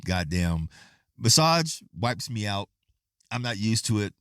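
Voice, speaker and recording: A man rants through his solo podcast, swearing freely and playing out the people in his stories. His pitch swings widely, and the sound is close and dry with no room in it. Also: takes it slowly, clean tone, no echo. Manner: profane, animated storytelling with quoted voices. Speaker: podcast host. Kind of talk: casual solo podcast rant.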